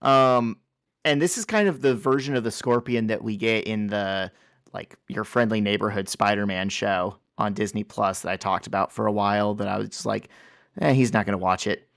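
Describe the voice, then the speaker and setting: Low-voiced male podcast co-host. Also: fairly even intonation, moderate pace, gravelly, fairly bright tone, clear, resonant tone, no room sound, clean studio sound. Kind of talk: casual podcast chat.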